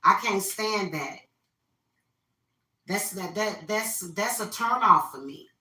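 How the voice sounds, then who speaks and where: A woman with a mid-range, expressive voice rants casually about her opinions while carving a pumpkin, speaking slowly in a pushed, bright tone and repeating herself. She's a spiritual reader and vlogger, recorded off-mic at a distance with roomy echo.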